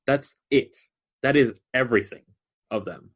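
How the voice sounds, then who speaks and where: A man's voice: medium pitch, normal speed. A man co-hosting a podcast in casual chat, animatedly explaining book lore at length. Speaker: podcast co-host.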